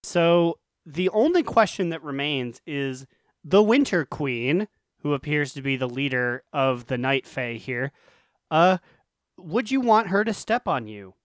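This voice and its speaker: A man co-hosting a casual gaming podcast, making jokey deadpan asides. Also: fairly high pitch, measured pace, dry recording, clean studio sound. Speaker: podcast co-host.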